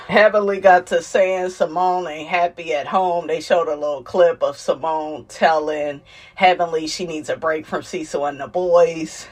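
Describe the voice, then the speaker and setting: A young adult woman, chatting casually and sassily about a reality show, laughing and acting out the people she quotes. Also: lowish voice. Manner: animated, sassy, quotes cast members in voices, laughs often. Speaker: reality TV recap commentator. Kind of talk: casual chat.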